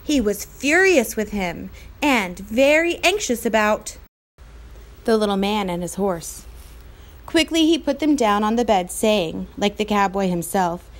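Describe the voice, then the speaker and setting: A woman reading a children's novel aloud in a clear, expressive storytelling manner. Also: medium pitch, unhurried. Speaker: reader.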